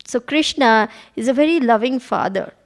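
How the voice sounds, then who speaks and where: A woman's voice: on the high side, moderate pace. A woman giving a devotional talk as a spiritual teacher, telling stories animatedly and laughing along.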